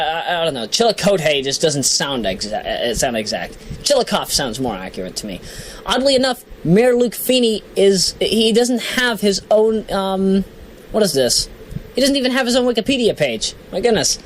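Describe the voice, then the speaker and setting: Reading down a list in casual solo commentary, a woman vlogger jokes about herself, giggles and apologizes for mispronouncing things. Her mid-range voice swings widely in pitch at a moderate pace, on a low-quality recording with slight background noise.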